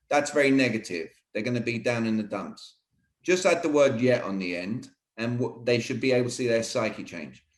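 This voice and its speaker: A man coaching on sales technique in an energetic, emphatic way, often saying "all right". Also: medium pitch, moderate pace. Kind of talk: teaching sales techniques in conversation. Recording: roomy echo.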